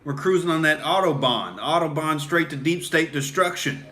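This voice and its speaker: Swaggering, forceful bro-ranting comedian man. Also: fairly high pitch, moderate pace. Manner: swaggering, swearing, keeps saying "dude"; pumped-up, beer-drinking rant. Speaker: comedian hosting a satirical podcast. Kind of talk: satirical bro rant in character.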